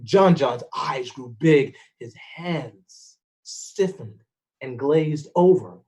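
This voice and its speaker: A man telling a folk-style story with expressive, dramatic pacing. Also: mid-range voice, very slow. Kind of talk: storytelling performance.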